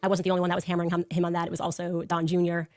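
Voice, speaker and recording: A woman telling personal stories in a fast, animated way, acting out the quotes. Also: on the low side, dry recording, studio quality. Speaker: political commentator. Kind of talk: personal storytelling on a show.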